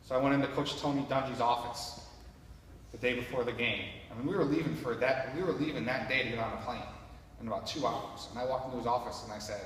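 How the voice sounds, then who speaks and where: A man's voice: mid-range voice, fast talker, fairly bright tone, far from the mic, slight background noise. A man giving a motivational talk to a live audience, telling a personal story in an earnest, conversational way and speaking directly to the listeners. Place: large hall with an audience. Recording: echoey hall recorded from afar.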